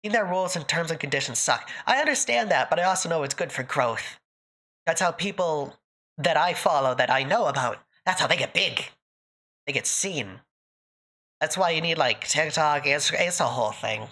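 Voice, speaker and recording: A woman's voice: sits low, animated, moderate pace, fairly bright tone. A woman streamer chatting with her live audience, emotional and close to tears, laughing often between thank-yous. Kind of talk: casual live-stream chat.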